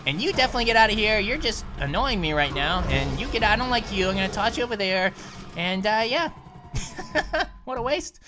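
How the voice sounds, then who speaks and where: A woman hosting a let's play, giggly and playful, often shouting at the game. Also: mid-range voice, expressive, a little fast. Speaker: gaming host.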